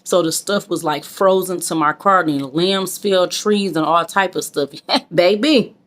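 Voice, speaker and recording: A woman from Michigan, talking to her viewers in a heartfelt, emotional, preachy way. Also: fairly low pitch. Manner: emotional, preachy, addresses viewers as kings and queens. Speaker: vlogger. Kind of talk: casual heartfelt vlog talk.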